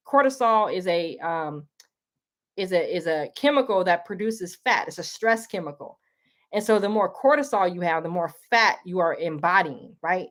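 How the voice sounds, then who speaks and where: Fairly low in pitch and animated, a woman speaks at a normal pace as she hosts a live talk. Emotional to the point of tearing up, she preaches earnestly to "y'all" in a casual monologue.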